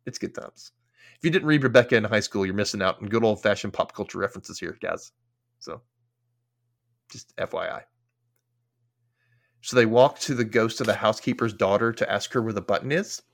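A man's voice: on the low side, brisk, pauses often. Chatty man recapping a show. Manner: chatty, lots of filler words, swears freely. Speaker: podcast host. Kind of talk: casual episode recap.

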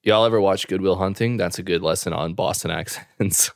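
A man with a very low voice rambles through a laid-back podcast chat, full of "like" and false starts. The sound is dry and close, with no room around it. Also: moderate pace, creaky, no room sound. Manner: rambling, loose, full of fillers. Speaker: podcast co-host. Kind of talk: casual chat.

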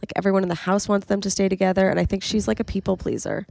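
A woman's voice: medium pitch, little pitch movement, racing, vocal fry, a little mellow, dry recording, studio quality. A young woman co-hosting a podcast, chatting casually about a reality show and quoting the cast in playful voices. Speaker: podcast co-host. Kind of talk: casual reality TV recap chat.

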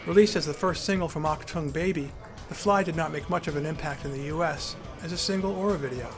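A man's voice: fairly high pitch, quick pace, over music. A man narrating his own memoir in a wry, conversational storytelling manner.

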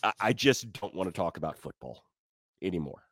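A man's voice: deep voice, very animated, a little fast, fairly bright tone, slightly rough, no room sound. A man in casual podcast chat, dry sound. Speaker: podcast co-host.

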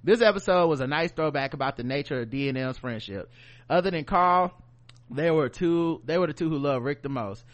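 A man co-hosting a podcast, recapping a TV show in casual, animated banter and laughing often. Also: fairly high pitch, fairly quick. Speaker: podcast co-host.

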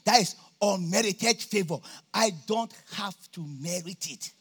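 Pastor guy preaching at a campmeeting, high raspy voice, laughs a lot, shouts sometimes. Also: a little slow. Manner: jovial, laughs often, bursts into shouts. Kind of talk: sermon. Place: church campmeeting.

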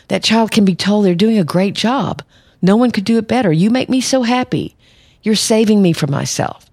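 A middle-aged woman therapist hosting a podcast, calmly explaining and slowing down to stress key points. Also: deep voice, dry recording, studio quality. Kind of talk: scripted podcast monologue.

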